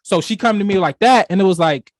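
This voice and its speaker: A man's voice: high-pitched, fast, no room sound, clean studio sound. Rambling young man telling a story. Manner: rambling, full of "you know" and restarts. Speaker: podcast co-host. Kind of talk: casual storytelling chat.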